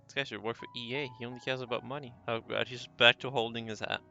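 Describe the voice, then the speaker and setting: A man's voice: medium pitch, level tone, quick pace, creaky, sharp tone, lo-fi sound, faint music behind. Wry man doing game commentary. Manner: wry joking asides. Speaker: streamer. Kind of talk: let's play commentary.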